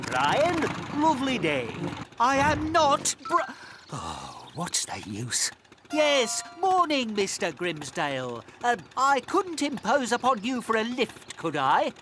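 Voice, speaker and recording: A woman's voice: on the high side, wildly swooping pitch, slow pace, noisy background, full character voice. A woman voicing a grumpy, pompous male dog turned into a snail in a cartoon, huffy and exasperated. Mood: flustered. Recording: music playing underneath.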